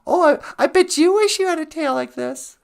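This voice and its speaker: A woman's voice: very high-pitched, expressive, normal speed, gravelly, full character voice. A woman storyteller voicing a vain, proud male beaver who boasts about his tail and sulks when others don't admire him. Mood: boastful. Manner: boastful, whiny.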